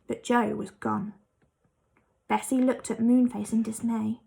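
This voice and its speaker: Woman storyteller, expressive children's book reading, raised pitch, gravelly edge. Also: a little slow, pauses often. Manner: lively, expressive.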